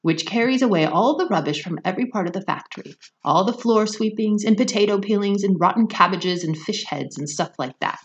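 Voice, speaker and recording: A breezy eccentric candy-factory owner answers everything calmly and cheerfully, voiced by a woman reading aloud. His lively, lilting delivery never sounds worried. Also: medium pitch, a little fast, few pauses, muffled recording, voice pushed up, natural voice. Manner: calm, cheerfully unbothered. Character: calm, breezy eccentric male chocolatier.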